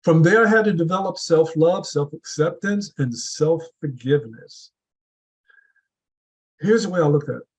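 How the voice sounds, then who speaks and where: A man's voice: fairly high pitch, moderate pace, darkish tone, husky, poor audio. A man giving a prepared motivational speech at a public speaking club, earnest and building with repeated rhetorical questions.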